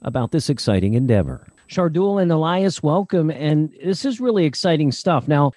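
A man's voice: on the high side, sing-song, moderate pace, a little mellow, no echo, clean studio sound. Upbeat middle-aged male podcast host. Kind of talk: scripted podcast introduction.

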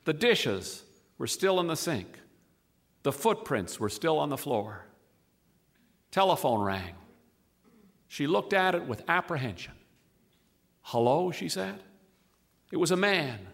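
High-voiced man telling a comic story. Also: very animated, gravelly, fairly bright tone, in a large hall. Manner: wry, deliberate comic timing. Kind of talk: humorous storytelling.

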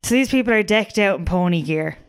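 A woman's voice: mid-range voice, animated, a little fast, clear, resonant tone, dry recording, studio quality. A woman co-hosting a podcast in casual chat, sharing facts she looked up and swearing now and then. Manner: chatty, swears casually, shares researched facts. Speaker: podcast co-host.

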